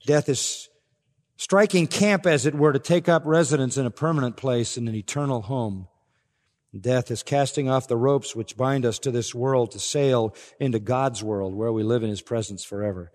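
A man's voice: mid-range voice, normal speed, darkish tone. An older man preaching an expository sermon as pastor, rising to emphatic swells. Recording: long reverb of a large hall.

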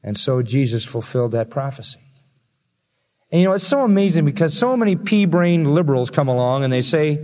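A man preaching from the pulpit of a large church, his voice pitched a little high and ringing with long hall reverb. He builds to loud, emphatic peaks and drags out key words for weight. The delivery is a full sermon, urgent and declarative. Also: very animated. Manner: emphatic, rising to loud peaks, slowing for stress. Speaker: pastor.

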